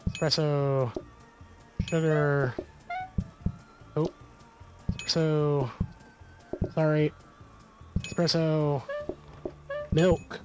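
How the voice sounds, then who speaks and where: A man streaming a game, calling out orders aloud in casual commentary and swearing when things get close. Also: fairly high pitch. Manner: rattles off orders aloud, swears under pressure.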